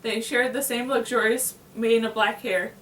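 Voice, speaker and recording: A woman with a fairly high voice reads a novel aloud, steady and unhurried, now and then tripping and restarting a word. She sits some way from the mic in an echoey room. A faint hiss runs underneath. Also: far from the mic. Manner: plain, steady read-aloud with small slips and restarts. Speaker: reader.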